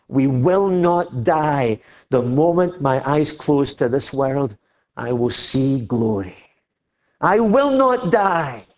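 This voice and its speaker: Older Scottish male preacher, slow deliberate delivery, impassioned and emphatic. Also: mid-range voice. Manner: impassioned preaching, rising to loud emphatic declarations. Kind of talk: sermon.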